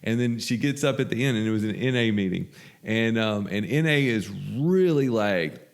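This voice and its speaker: A man, a podcast guest, telling animated, profane anecdotes in casual conversation. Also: mid-range voice, normal speed, clean tone. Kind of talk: casual storytelling.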